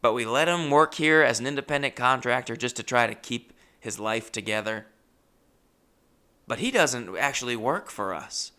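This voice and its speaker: A man's voice: medium pitch, normal speed, pushed and bright, clear, resonant tone. A man voicing an exasperated male tattoo shop boss who talks bluntly and emphatically.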